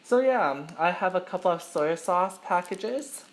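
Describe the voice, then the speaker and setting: A man's voice: high-pitched, expressive, measured pace, slight background noise. Young male mukbang host, chatty and rambling, filler-heavy casual delivery. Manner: self-conscious, admits to nervousness. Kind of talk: casual eating-show chat to camera.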